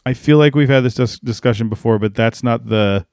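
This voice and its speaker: A man's voice: medium pitch, a little fast, darkish tone, no room sound. A man co-hosting a podcast in casual chat, rambling with lots of fillers and restarts. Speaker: podcast co-host.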